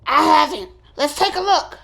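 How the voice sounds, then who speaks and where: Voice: sits high, normal speed, creaky, poor audio. A performer voicing a mischievous, food-stealing mermaid woman as the host of a comedic mukbang character skit, breaking into sing-song rhyming prayers. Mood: sneaky chatter.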